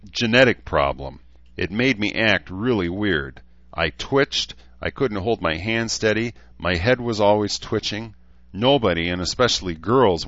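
A man's voice: low voice, fairly bright tone, dry recording, muffled recording. A man voicing a young man who jokes about himself with dry asides. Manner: joking, dry self-mocking asides. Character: young man, wry self-deprecating joker.

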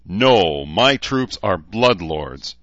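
Stern veteran drill sergeant, read by a man, clipped and cold, low-pitched, dry booth. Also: animated, extremely slow, fairly bright tone, no room sound, dull audio, exaggerated voice. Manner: clipped commands.

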